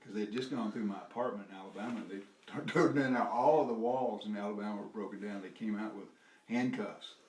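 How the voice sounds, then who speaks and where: A man's voice: lowish voice, a little fast, few pauses, a little mellow. An older man with a Southern US accent, telling a rambling personal story with chuckles and profanity. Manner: chuckling, profane, trails off and restarts. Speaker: interviewee recalling activism. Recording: roomy, distant mic with faint noise.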